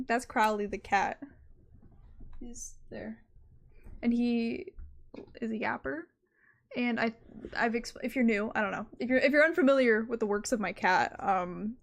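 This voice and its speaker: Rambling young woman streamer, slightly high. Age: young adult. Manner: rambling, self-interrupting, full of "like". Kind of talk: casual stream chat. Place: her own room at home.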